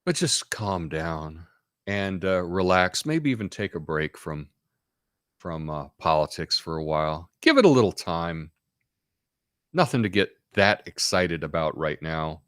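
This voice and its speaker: A man's voice: low voice, sing-song, unhurried, fairly bright tone, clean tone, no room sound, clean studio sound. Offhand American man hosting a live stream. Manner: rambling, offhand, reads chat comments aloud. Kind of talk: casual live-stream chat.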